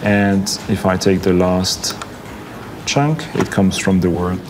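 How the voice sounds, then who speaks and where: Deep-voiced male researcher, methodical demo, clear music bed. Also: slow pace. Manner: step-by-step demonstrating. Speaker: head of research. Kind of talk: technical explanation.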